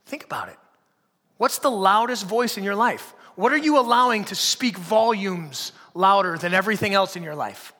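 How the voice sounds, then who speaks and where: Pastor, male, high bright voice, preaching in long reverberant hall, rhetorical questions rising to emphatic peaks. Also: expressive, normal speed. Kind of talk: sermon.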